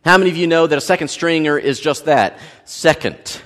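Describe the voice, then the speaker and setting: Pastor preaching, kinda high voice, swings loud to soft, big church reverb. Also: male voice, brisk. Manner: animated storytelling, swinging from loud to quiet. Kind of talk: sermon. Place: large church sanctuary.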